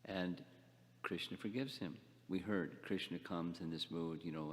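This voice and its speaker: An older man giving a scripture class lecture, speaking haltingly, repeating words and asking the class questions. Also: low voice, in a large hall. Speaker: spiritual teacher.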